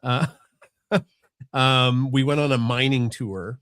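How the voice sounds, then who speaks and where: A man's voice: medium pitch, steady tone, slow, a bit bright, clean tone, no room sound, clean studio sound. A middle-aged man, chatting casually on a family podcast, rambling and restarting often. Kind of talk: casual chat.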